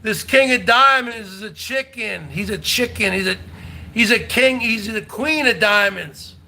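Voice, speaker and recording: A New Jersey man hosting a rowdy livestream. His voice sits very high and bright, and he drags his words slowly as he taunts and swears. He keeps repeating the same jabs and breaks in with whooping shouts. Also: gravelly, a little hiss or hum. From North Jersey. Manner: loud, combative, profane, repetitive taunting. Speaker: livestream host. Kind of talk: rowdy livestream rant to chat.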